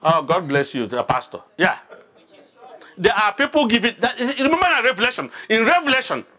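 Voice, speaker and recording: A man preaching to a small congregation. His voice sits a little high and swings widely in pitch, and he keeps quizzing his listeners with questions. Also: very animated, fairly quick, sharp tone. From Nigeria. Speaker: pastor. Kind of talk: interactive sermon, Bible study.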